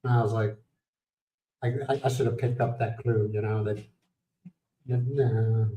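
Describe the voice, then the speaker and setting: A man's voice: fairly low pitch, fairly even intonation, measured pace, mellow, reverberant, distant mic, poor audio. A man from the United States hosting a livestream, chatting casually, telling rambling stories, laughing and greeting viewers by name. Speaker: livestream host. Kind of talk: casual chat.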